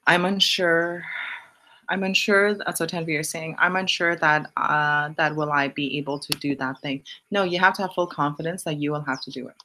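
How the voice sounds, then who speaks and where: A low-voiced woman talks straight to her viewers on a live stream. She coaches bluntly and leans on punchy repeated lines that jump up in pitch. She swears for emphasis. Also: fairly even intonation, fairly quick, hardly any pauses, bright, forceful tone. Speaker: live-stream host answering viewer questions. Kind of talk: casual motivational live stream.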